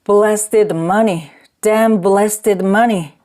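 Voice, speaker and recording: A woman's voice: mid-range voice, slow, darkish tone, natural voice. A woman reading an audiobook, voicing a drunk middle-aged rickshaw man who bellows and blusters between rage and grief. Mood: drunken rage.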